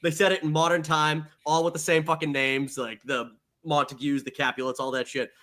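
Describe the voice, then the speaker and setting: A man co-hosting a comedy podcast, telling animated stories full of swearing and acted-out quotes. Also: a little high, fairly quick. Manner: animated storyteller, swears a lot, acts out quotes. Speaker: podcast co-host. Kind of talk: casual comedic chat.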